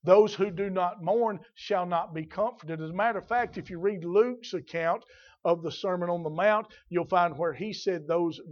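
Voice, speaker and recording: A male preacher delivering a sermon, moving from quiet explanation to loud, drawn-out exclamations. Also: high voice, highs cut off. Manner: swings from quiet teaching to shouted, drawn-out exclamations.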